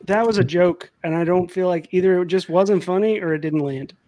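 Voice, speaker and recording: A man hosting a casual podcast chat, laughing and swearing through animated retellings. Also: high-pitched, brisk, no room sound.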